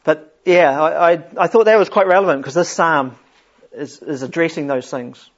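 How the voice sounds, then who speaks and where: A man's voice: fairly high pitch, normal speed, lo-fi sound. A man leading an informal Bible study for a group, chatty and often chuckling as he explains a psalm.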